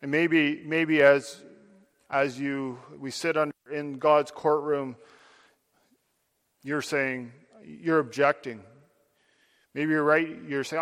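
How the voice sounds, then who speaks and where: A man's voice: fairly high pitch, fairly even intonation, takes it slowly, pauses often, fairly bright tone, smooth, big-room sound. A man preaching a sermon, addressing his listeners directly with earnest, building emphasis.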